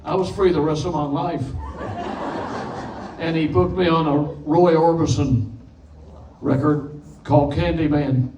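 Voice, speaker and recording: A man's voice: fairly high pitch, fairly even intonation, unhurried, pauses often, dark tone, dull audio. A man in his eighties, a session musician guest, telling stories in a folksy, plain-spoken way on a panel stage. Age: 80s. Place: event stage before an audience. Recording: distant echoey hall mic with faint noise.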